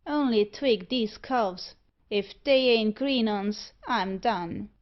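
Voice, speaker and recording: Woman voicing a cheeky street kid sweeper, shrill and drawly. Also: takes it slowly, muffled recording, close to an everyday voice.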